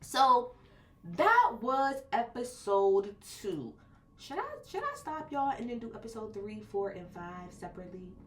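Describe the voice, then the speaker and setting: A woman's voice: a little high, very animated, measured pace, a bit bright. A woman reviewing a wrestling show in a casual, blunt and profane video rant, full of slang.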